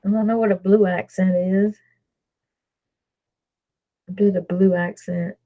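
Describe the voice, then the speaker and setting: A woman's voice: medium pitch, steady tone, unhurried, phone-quality sound. A woman from Louisiana with a Southern accent, chatting casually with viewers on a livestream, rambling and reading out their names. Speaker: livestream host.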